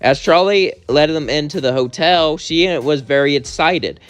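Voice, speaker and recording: A man's voice: on the high side, moderate pace, fairly bright tone, clean tone, faint music behind. Rambling male fan storyteller. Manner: rambling, self-correcting. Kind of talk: improvised fan story narration.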